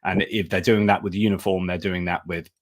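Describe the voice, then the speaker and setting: A man's voice: sits low, little pitch movement, fast, no echo, studio quality. A man hosting a live stream over a video call, chatting casually and thanking supporters with frequent restarts. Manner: chatty, many restarts and fillers.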